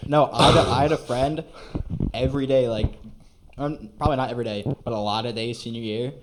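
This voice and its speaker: A man's voice: medium pitch, steady tone, fairly quick, background noise. A man chatting casually on a podcast in a laid-back way, trailing off with fillers. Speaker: podcast guest. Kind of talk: casual chat.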